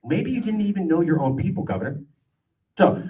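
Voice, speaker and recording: A man in his forties from California speaks to a gathered crowd in a lively, sarcastic way, joking as he argues his case. His voice sits a little high for a man. He is picked up from a few steps away from the microphone. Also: fairly quick, long pauses. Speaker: political campaigner speaking to a crowd. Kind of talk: informal political speech. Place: event gathering. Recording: voice distant from the mic.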